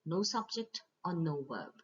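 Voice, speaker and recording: A woman teacher giving a slide-based grammar lesson, speaking to children and repeating each rule slowly. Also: on the low side, very animated, slightly rough. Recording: dull lo-fi voice recording.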